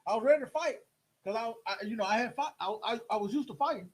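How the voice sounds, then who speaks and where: A middle-aged man telling a story in casual chat, animated and acting out the voices of the people in it. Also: extremely high pitch, quick pace, breathy edge, low-quality recording. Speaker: host.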